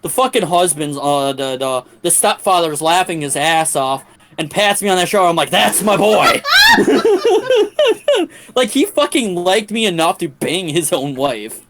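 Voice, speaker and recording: A man's voice: on the high side, moderate pace, a bit bright, a little hiss or hum. Crude, rambling young man telling a story. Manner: crude, profane, rambling with restarts. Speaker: streamer. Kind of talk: casual storytelling on a game stream.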